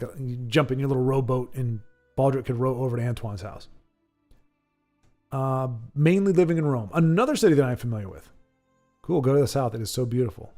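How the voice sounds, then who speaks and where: A man's voice: mid-range voice, mellow. A man hosting a live stream in a rambling, chatty way, reading viewer chat aloud and laughing often. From United States. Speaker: stream host.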